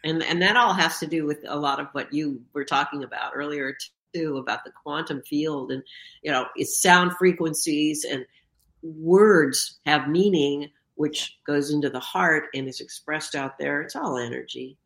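A woman's voice: low voice, moderate pace, a bit bright, roomy sound. A woman hosting an interview who backs her guest with frequent short agreements and asks long, reflective questions. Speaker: host.

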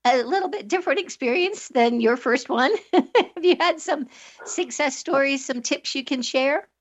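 A woman's voice: sits high, normal speed, dull audio. A woman co-hosting a radio show, asking the guest questions with enthusiasm. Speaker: radio co-host.

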